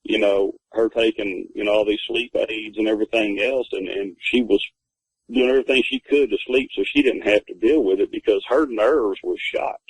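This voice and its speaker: A man's voice: on the low side, fairly even intonation, normal speed, slightly rough, no room sound, poor audio. A man, rambling through a personal story as a guest, with many fillers and restarts. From Texas. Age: 50s. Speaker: guest telling his encounter story. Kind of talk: casual spoken storytelling.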